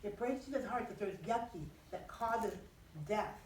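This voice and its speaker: A woman teaching children, telling a Bible story in an animated, expressive way and asking them questions. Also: medium pitch, a little slow, reverberant, distant mic, a little hiss or hum, rough recording.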